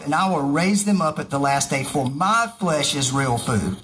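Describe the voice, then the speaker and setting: A man's voice: high-pitched, fairly bright tone, slight background noise, poor audio. Casual man reading scripture with asides. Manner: reads scripture aloud and breaks off for joking asides. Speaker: preacher. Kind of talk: casual Bible reading with commentary.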